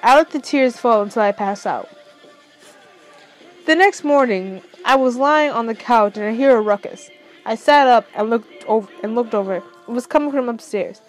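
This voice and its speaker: A woman's voice: fairly high pitch, moderate pace, faint music behind, low-quality recording. A woman reading her fan fiction story aloud with a stuffy nose from crying, stumbling over words and correcting herself as she goes. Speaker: amateur story reader.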